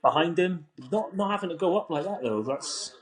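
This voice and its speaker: A man's voice: on the high side, expressive, normal speed. Laid-back Scottish man chatting football. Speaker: podcast co-host. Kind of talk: casual football chat.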